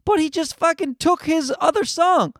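A man's voice: very high-pitched, moderate pace, fairly bright tone, no echo, clean studio sound. A comedian in his forties hosting a podcast, ranting with a lot of swearing and mocking the people he quotes. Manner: profane, ranting, mocking voices. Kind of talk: casual podcast monologue.

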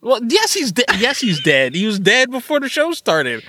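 A man hosting a podcast in casual chat, giggly and self-deprecating, with a husky voice. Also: very high-pitched, wildly swooping pitch, moderate pace, bright, forceful tone, no echo, clean studio sound. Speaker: podcast host.

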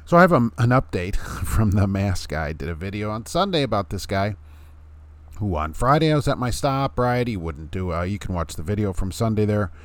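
A middle-aged man delivers a casual, blunt rant straight to camera. His voice sits low, and he sounds emphatic and mocking by turns. The sound is dry and close, with little room around it. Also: lively intonation, a little fast, no room sound. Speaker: YouTube commentator.

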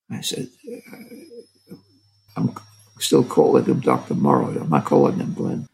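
An older man, a physician, telling a story from his career in a halting, casual way. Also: extremely low pitch, big pitch swings, gravelly, darkish tone, husky, poor audio. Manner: halting, full of restarts and fillers.

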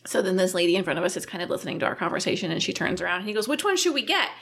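Animated storytelling woman. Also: fairly low pitch, racing, vocal fry, husky. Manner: animated storytelling, acts out quoted voices. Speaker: podcast co-host. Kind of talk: casual chat.

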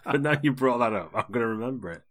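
A man's voice: medium pitch, animated, fast talker, fairly bright tone. A man co-hosting a casual chat about tabletop games, chatty, swearing and laughing a lot. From Britain. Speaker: podcast co-host.

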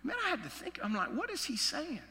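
A pastor from Alabama with a Southern accent, preaching a sermon with folksy, joking asides. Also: male voice, very high-pitched, wildly swooping pitch, fairly quick, bright, forceful tone, big-room sound, slight background noise.

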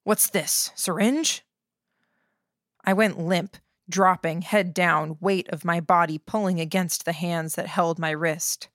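A woman reading a first-person novel aloud in a steady, measured way. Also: on the low side, no echo, studio quality. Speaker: audiobook narrator.

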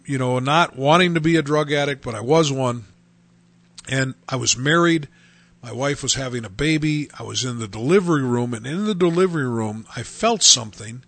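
A man from North Dakota giving a personal testimony, telling his story earnestly and haltingly with many restarts. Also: mid-range voice, bright, forceful tone, dry recording.

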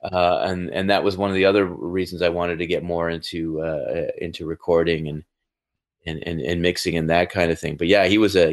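A man in casual chat, an animated storyteller who often repeats words as he recalls an old prank. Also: low voice.

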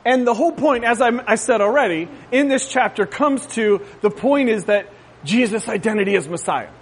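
A pastor preaching a sermon in a conversational way, often checking with listeners and adding jokey asides. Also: male voice, high-pitched, animated, moderate pace, a little hiss or hum. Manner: conversational, asks the crowd "right?".

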